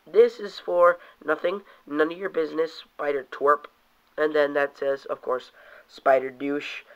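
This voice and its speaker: A young man rambles through a casual toy review, swearing offhandedly. His voice sits a bit high. The sound is dull and lo-fi, like an old home video. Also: fairly even intonation, unhurried, clean tone. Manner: rambling, reads comic panels aloud in put-on voices, curses casually.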